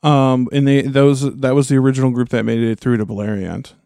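A man with a Midwestern accent co-hosting a podcast in relaxed casual chat, leading the discussion. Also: medium pitch, fairly quick, vocal fry, no room sound, clean studio sound. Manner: relaxed, chatty, leads the rundown. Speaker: podcast co-host.

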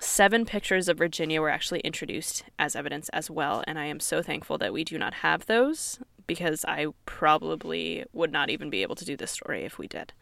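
A woman's voice: deep voice, lively intonation, brisk, creaky, hardly any pauses, fairly bright tone, no room sound. A woman hosting a podcast, telling a true crime story in an earnest, conversational way and reading quoted sources aloud. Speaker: podcast host.

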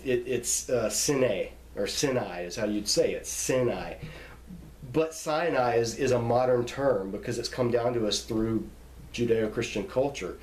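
A man teaches in a relaxed lecture, slowing down to spell out names and repeat the key points. His voice sits at an ordinary middle pitch. The sound carries a noticeable room echo. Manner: patient, repeats and spells out words. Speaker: Bible teacher. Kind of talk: informal classroom lecture. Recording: echoey room.

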